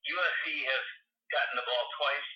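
Dry-humored dad on a dull, distant phone line. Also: male voice, mid-range voice, steady tone, a little fast. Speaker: phone-in guest, host's father. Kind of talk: casual chat on a phone call. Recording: distant, dull phone-call sound with echo.

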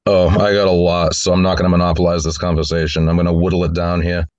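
Deep-voiced man in relaxed film chat. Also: fast, dry recording, lo-fi sound. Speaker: podcast co-host.

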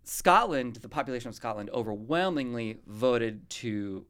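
A woman's voice: very deep voice, lively intonation, moderate pace. A woman from the US West Coast hosting a podcast in casual chat, rambling and often cutting herself off. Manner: rambling, chatty, self-interrupting. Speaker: podcast host.

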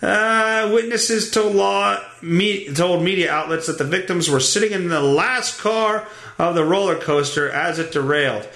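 A man's voice: high-pitched, unhurried, gravelly, bright, forceful tone. A man hosting a solo podcast, reading news stories aloud in a profane, sarcastic, rambling comedic rant. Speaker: podcast host.

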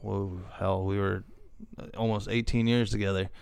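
A man's voice: fairly low pitch, level tone, normal speed, creaky, darkish tone, clean tone, dry recording. A middle-aged man hosting a casual chat, reading posts aloud with joking asides and frequent laughter. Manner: laughs often, jokey asides. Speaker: podcast host reading stories.

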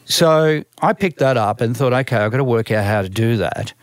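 A man's voice: medium pitch, moderate pace, no room sound, clean studio sound. Australian man telling rambling stories. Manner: rambling, animated storyteller with frequent restarts and acted-out quotes. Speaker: band manager. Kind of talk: casual storytelling interview.

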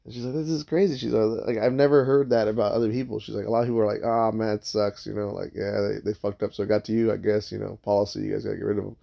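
A man's voice: lowish voice, little pitch movement, rapid-fire, creaky, hardly any pauses. A man telling a rambling work story in a casual, profane way, acting out what others said. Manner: rambling, swears a lot, acts out quoted voices. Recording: dull lo-fi sound.

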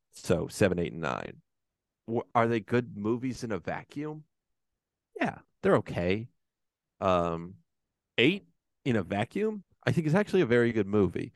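A man's voice: mid-range voice, no room sound, clean studio sound. A man co-hosting a casual podcast, ranting heatedly and swearing often. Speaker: podcast co-host.

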